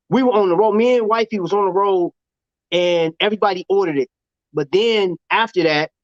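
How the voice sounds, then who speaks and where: A man with a high voice hosts a casual livestream chat, slangy and animated, laughing often. The sound is dull and lo-fi, and dry with no room echo. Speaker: show host.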